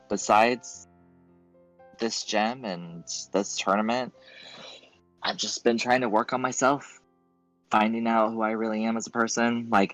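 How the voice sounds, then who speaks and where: Low-voiced man playing a tabletop game. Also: a bit bright, no echo, poor audio. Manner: casual, laughing, describes his character's actions. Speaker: player. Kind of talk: tabletop role-play.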